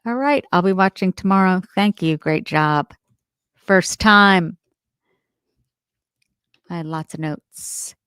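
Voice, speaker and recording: A middle-aged woman from New Jersey chats casually on a live stream, rambling and poking fun at herself. Her voice sits a little low, and the sound is dry and close with no room around it. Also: takes it slowly, long pauses, a bit bright, smooth, dry recording. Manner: chatty, rambling, self-deprecating. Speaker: true-crime show host.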